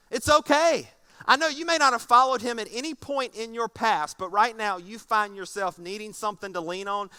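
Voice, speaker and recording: A man preaching a sermon as pastor, animated and often repeating words. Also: sits high.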